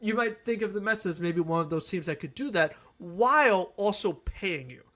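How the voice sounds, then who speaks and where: A man with a high, bright voice co-hosts a sports podcast. He talks earnestly and at length, circling back on his points. He laughs easily between thoughts. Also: animated, moderate pace. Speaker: podcast co-host. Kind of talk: casual sports talk.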